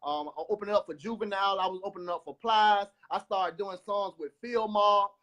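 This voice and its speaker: A man giving an emotional testimony over his phone, retelling events in an animated way with lots of repeated words and restarts. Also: high-pitched, fairly quick. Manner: repetitive, animated storytelling with many restarts. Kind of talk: emotional life-story testimony.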